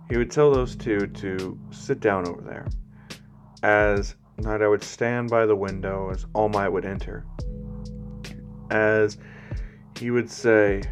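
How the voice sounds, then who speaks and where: Slow, low-voiced male storyteller. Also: steady tone, faint music behind. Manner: unhurried, rambling with fillers. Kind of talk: casual fan story narration.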